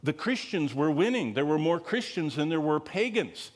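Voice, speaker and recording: A man teaching the Bible to a live group in a conversational lecture, digressing often, asking the audience rhetorical questions and pushing key words higher for emphasis. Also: sing-song, moderate pace.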